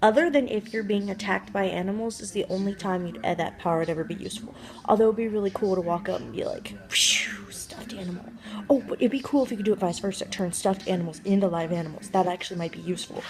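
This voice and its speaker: A woman's voice: mid-range voice, quick pace, low-quality recording. A woman vlogger musing aloud in a casual, jokey monologue, rambling and trailing off as she thinks.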